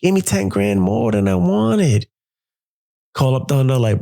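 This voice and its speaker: A man hosting a podcast, telling a personal story in an animated, profane way and acting out what people said. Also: mid-range voice, unhurried, gravelly. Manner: animated, profane, acts out quotes. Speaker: podcast host.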